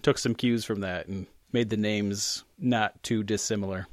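A man's voice: lowish voice, steady tone, moderate pace, no room sound, studio quality. A man co-hosting a casual podcast chat, rambling and joking as he corrects himself. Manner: rambling, self-correcting, jokey. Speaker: podcast co-host.

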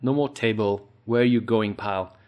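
A man imitating a gruff male movie henchman with a thick accent and slow, clipped, broken phrases. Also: fairly low pitch, a little mellow, close to an everyday voice. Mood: menacing.

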